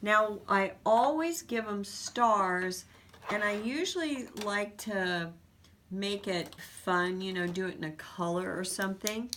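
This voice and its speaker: A woman teaching parents how to guide children in writing their sounds, explaining each step slowly and patiently. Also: mid-range voice, fairly bright tone, a little hiss or hum. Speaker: reading teacher. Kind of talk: instructional demonstration.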